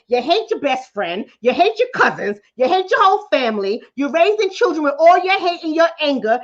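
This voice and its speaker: High-pitched lady doc ranting at her live chat, blunt and preachy, repeats herself a lot, kinda muffled lo-fi audio. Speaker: psychologist host of a live stream. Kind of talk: casual live-stream talk answering chat.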